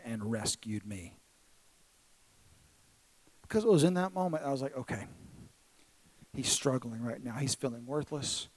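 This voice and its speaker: A man in his thirties preaching a sermon in a church service, telling a personal story that swings from excited to hushed and tender. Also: medium pitch, low-quality recording. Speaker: pastor.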